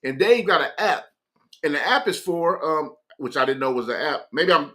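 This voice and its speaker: Host, male, casual comic storyteller, bright tense tone, slightly high voice, slangy. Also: expressive, normal speed. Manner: loose slangy delivery, laughs often. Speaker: morning show host.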